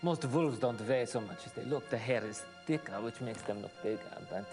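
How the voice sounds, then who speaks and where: A man's voice: medium pitch, animated, fairly quick, music in the background, natural voice. Posh British-accented lab assistant, voiced by a man. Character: polite German male university lab worker.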